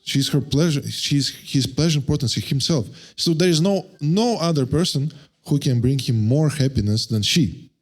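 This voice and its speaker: A man giving a devotional lecture, speaking haltingly, searching for words and restarting often. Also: on the high side, a little mellow. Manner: chants verses slowly in a raised voice.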